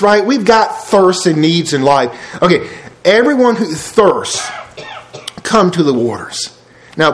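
Between Bible verses, this preacher wanders off into homespun everyday stories, talking folksy with plenty of "y'all" and "ain't." He has a high-sitting voice, and the recording is rough and echoey.

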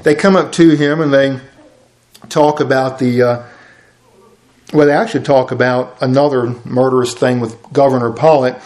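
A man's voice: a little high, darkish tone, echoey room. A man, giving an informal sermon to a class and acting out Bible dialogue in folksy voices. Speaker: pastor teaching a class.

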